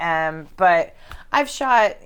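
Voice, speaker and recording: A middle-aged woman, a comedy club owner, chatting casually as a podcast guest with quick asides and casual swearing. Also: lowish voice, expressive, a bit bright, clear, resonant tone. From grew up moving around as an army kid.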